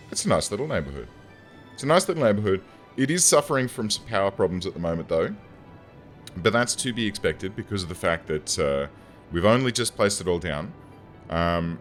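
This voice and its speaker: A young man, an engineer and gaming YouTuber, rambles casually and self-deprecatingly while building a city in a game. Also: deep voice. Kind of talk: casual gameplay commentary.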